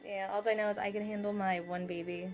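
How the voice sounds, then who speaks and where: A woman's voice: mid-range voice, flat delivery, fast, soft background music. A young woman, a mother, talking reflectively at home in a vlog, rambling with many fillers and asides. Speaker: vlogger, mother.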